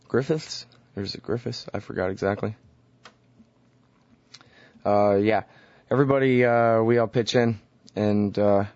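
A male radio host talks on his own in a slightly low voice, rambling loosely and stopping often on "uh". The sound is dry and close, with a dull, lo-fi radio quality. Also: a little mellow, no room sound. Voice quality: loose and rambling, with frequent "uh" fillers. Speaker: radio talk show host. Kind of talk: casual radio talk, solo monologue. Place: radio studio. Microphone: studio microphone.

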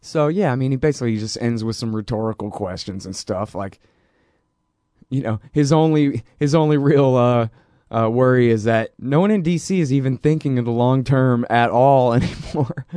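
A man's voice: medium pitch, moderate pace, darkish tone, no room sound, clean studio sound. A man hosting a political talk show, talking in a casual, rambling and sarcastic way. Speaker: radio show host.

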